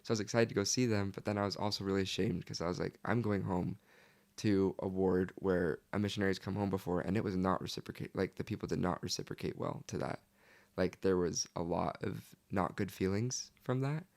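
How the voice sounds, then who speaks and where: A young man talking as a podcast guest, his voice a touch low with a gravelly fry running through it. He tells his story earnestly and casually, with "like" sprinkled all through his sentences. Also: steady tone, brisk, darkish tone. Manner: earnest, leans heavily on "like".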